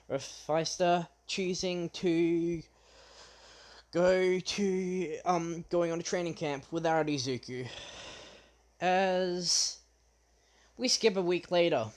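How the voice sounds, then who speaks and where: A young man retelling his fan story off the cuff, halting often with fillers and restarts. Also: on the high side, a little mellow.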